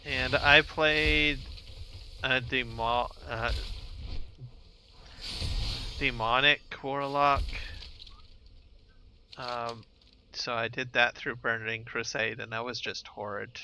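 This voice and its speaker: A man's voice: mid-range voice, steady tone, takes it slowly, long pauses, bright, forceful tone, a little hiss or hum, low-quality recording. A man streaming a game live, chatting with viewers in a laid-back, rambling way while he plays. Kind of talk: casual live gameplay commentary.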